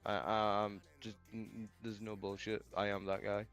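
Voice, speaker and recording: A man streaming a game, telling a story in casual chat, animated, laughing often and swearing a lot into a headset mic. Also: fairly low pitch, moderate pace, clear, resonant tone, soft background music.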